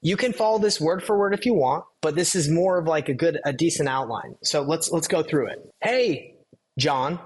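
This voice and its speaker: A man's voice: on the high side, brisk, few pauses, a little hiss or hum. A man coaching sales calls in a casual, conversational way, walking through a phone script and acting out both sides of the call. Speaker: real estate wholesaling coach. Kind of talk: casual teaching walkthrough of a cold-call script.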